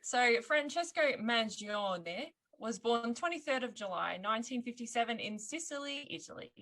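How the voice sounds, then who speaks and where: A woman's voice: a little high, a bit bright. An Australian woman, the guest host, casually telling a true-crime story on a podcast and laughing often.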